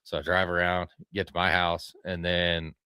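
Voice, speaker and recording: A man's voice: deep voice, monotone, normal speed, sharp tone, clear, resonant tone, no echo, clean studio sound. A man hosting a podcast, telling a hunting story in a casual, rambling way, swearing freely and acting out his own lines.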